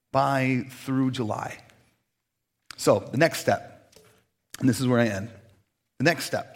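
A middle-aged man, preaching a sermon in a lively storytelling way and acting out the voices he quotes. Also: fairly high pitch. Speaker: pastor.

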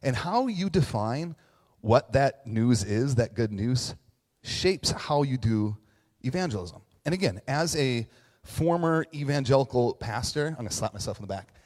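A middle-aged man leads a conversational sermon, easygoing and self-mocking, tossing in fillers and "right?" as he goes. His voice sits at an ordinary pitch and trails off into the long reverb of a church hall. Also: expressive, measured pace, a little mellow. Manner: chatty, self-deprecating, frequent fillers and "right?". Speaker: pastor.

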